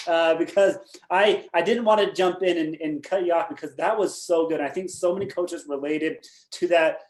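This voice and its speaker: A man's voice: a little high, moderate pace. A man hosting an interview, asking eager questions with frequent restarts. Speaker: interview host. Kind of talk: call interview. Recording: echoey room.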